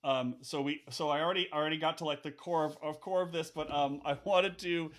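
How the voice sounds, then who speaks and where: A male podcast host with a slightly high voice. He sounds upbeat and eager, and he leans on key words with sharp lifts in pitch as he introduces the show and chats with his guests. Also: steady tone, brisk. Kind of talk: podcast intro and interview chat.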